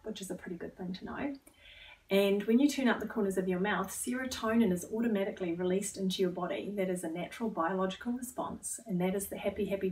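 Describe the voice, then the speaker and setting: A woman stress coach who leads a guided exercise in a calm, inviting tone. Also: medium pitch, far from the mic, a little hiss or hum.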